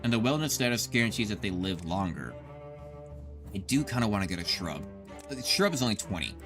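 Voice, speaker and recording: Talking fast-ish and sounding very animated, a man in his thirties rambles through gameplay for his stream, cursing often and addressing chat. His voice is on the low side, and music plays in the background.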